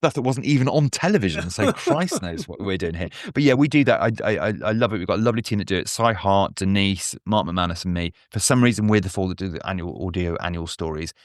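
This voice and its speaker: A man's voice: low voice, animated, fast, hardly any pauses, dry recording, studio quality. A man guest on a podcast, chatting casually with rambling, self-mocking asides. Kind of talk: casual chat.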